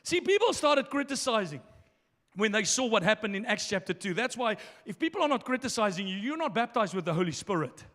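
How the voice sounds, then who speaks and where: Male pastor, very high voice, fiery sermon delivery, long hall reverb. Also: sing-song, brisk. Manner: impassioned preaching, swinging between quiet asides and shouting.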